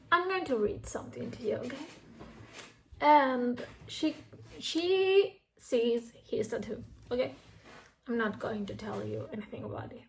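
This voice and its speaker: Woman reading vlogger, slow and gravelly, blunt and profane. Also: fairly high pitch, animated, a little mellow. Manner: candid, heavy swearing, restless. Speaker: book vlogger. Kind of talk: casual reading vlog.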